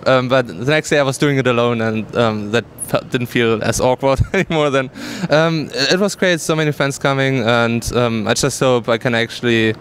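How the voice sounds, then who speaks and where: A man's voice: mid-range voice, normal speed, few pauses, a bit bright, slight background noise. A young man with a German accent, a pro gamer answering interview questions casually with many fillers and easy laughter at an event. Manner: candid, laughs easily, hesitant fillers. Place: busy gaming event venue.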